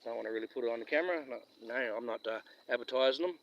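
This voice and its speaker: Rapid-fire and mid-range, a Western Australian man's voice comes through with the highs cut off as he fishes outside, chuckling and rambling through stories in casual live-stream chat.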